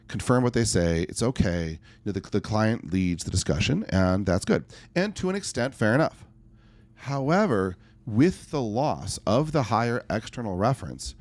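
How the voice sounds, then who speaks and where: A man with a lowish voice talks about life and coaching in a podcast interview. His pitch rises and falls a great deal as he makes his points with emphasis. He tells stories in an animated, conversational way. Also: no room sound.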